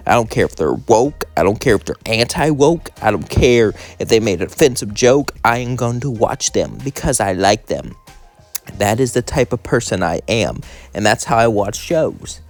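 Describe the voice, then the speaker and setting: A man with a somewhat low voice talks straight to his viewers in a loose, casual monologue. He is blunt and opinionated, pressing his points with emphasis. Faint music plays underneath. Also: expressive, moderate pace. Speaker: channel host.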